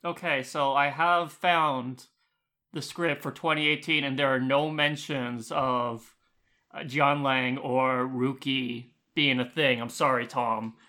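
A man's voice: medium pitch, fairly even intonation, takes it slowly, sharp tone. A man co-hosting a podcast in loose casual chat, full of "like" and fillers. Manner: loose, filler-heavy, lots of "like". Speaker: podcast co-host.

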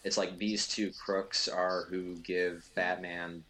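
A man's voice: deep voice, little pitch movement, takes it slowly, pushed and bright, slight background noise. A man giving casual, rambling film commentary as co-host, full of fillers and restarts.

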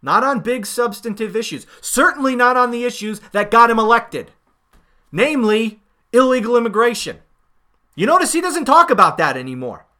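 A man hosting a political podcast, talking in a sarcastic, emphatic monologue with swings in loudness. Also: very high voice, lively intonation, normal speed. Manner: sarcastic, mocking paraphrases of others; emphatic, rising and falling loudness. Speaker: podcast host.

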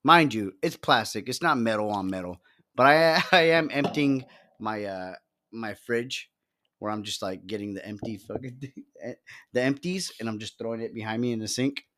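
A man's voice: mid-range voice, normal speed, pushed and bright. A man co-hosting a podcast, chatting casually, laughing through his words and cutting in, with plenty of swearing. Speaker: podcast co-host. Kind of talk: casual profane chat.

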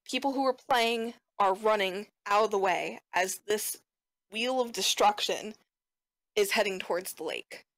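A woman running a tabletop role-playing game as game master, narrating events in a measured, descriptive way. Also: medium pitch, fairly bright tone.

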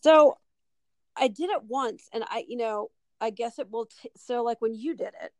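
A woman hosting her own podcast in casual chat, excitable and rambling, dropping lots of "like"s and the odd swear word. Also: fairly high pitch, moderate pace, noisy background. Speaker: podcast host.

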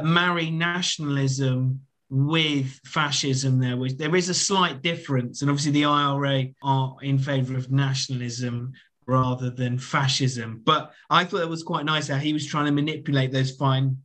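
A man with a fairly high voice works through his reasoning on a show's characters and politics, one step at a time. He speaks as a podcast co-host in a relaxed discussion. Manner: analytical, builds explanations. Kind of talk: casual TV discussion.

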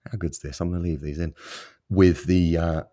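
Deep-voiced man, rambling podcast pep talk. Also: fairly even intonation, moderate pace, dark tone. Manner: rambling, self-deprecating, encouraging. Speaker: podcast host. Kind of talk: solo motivational podcast talk.

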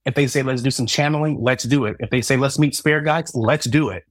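This guest, a thirtysomething psychic reader from Southern Indiana, speaks fairly quickly in a mid-range voice, playing out the dialogue of his story with self-deprecating humor in a casual interview. No room sound comes through.

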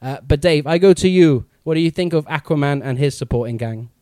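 A man co-hosting a casual film review chat, enthusiastic and quick to laugh. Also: a little high, dark tone, no room sound. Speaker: podcast co-host.

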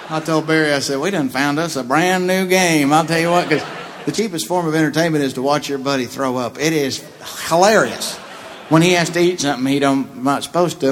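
A man who is a comedian guest, telling a long anecdote in a profane, laughing, animated way. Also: mid-range voice, slight background noise. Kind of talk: storytelling anecdote.

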